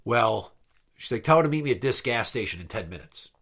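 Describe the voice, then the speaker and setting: A man in casual podcast chat, recounting events in a blunt and profane way. His voice sits at an ordinary middle pitch and he sounds worn out with the whole affair. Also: lively intonation, a little fast, a bit bright. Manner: blunt, profane, exasperated retelling. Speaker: podcast host.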